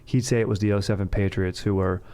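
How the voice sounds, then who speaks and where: A man's voice: fairly low pitch, steady tone, quick pace, warm tone, clean tone. A man hosting a casual sports podcast, rambling and joking, often breaking into laughter. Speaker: podcast host.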